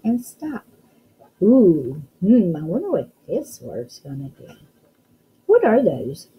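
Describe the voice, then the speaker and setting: A woman's voice: lowish voice, muffled recording, slight background noise. A woman teaching a phonics lesson to young children, encouraging them and sounding out letters one at a time.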